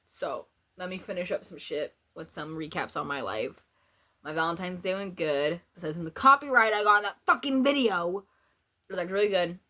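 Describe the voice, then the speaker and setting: Young woman, slightly low voice, casual swearing vlog rant, rambling with restarts. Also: normal speed, pushed and bright. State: mouth burning from spicy noodles. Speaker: vlogger. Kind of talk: casual rant while eating.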